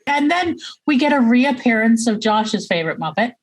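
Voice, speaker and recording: A woman co-hosting a podcast, chatting in a relaxed way and laughing often. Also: on the high side, normal speed, poor audio. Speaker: podcast co-host. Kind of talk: casual podcast chat.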